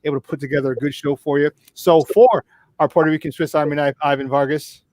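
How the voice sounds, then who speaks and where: A man hosts a morning sports talk show from a remote setup, his voice sitting a touch high. He chats in an upbeat, loose way, full of fillers and restarts. The sound is dry, with no room around it. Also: fairly even intonation, fast talker, a little mellow, no echo. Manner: upbeat, laughs often, many fillers and restarts. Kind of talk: casual on-air chat. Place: remote virtual studio.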